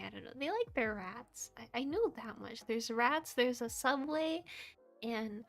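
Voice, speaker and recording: A woman's voice: on the high side, lively intonation, measured pace. A young woman streamer chatting casually with her viewers while she works on art. She giggles often and keeps apologizing in a friendly, self-deprecating way. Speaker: VTuber streamer and model rigger. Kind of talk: casual livestream chat. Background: soft background music.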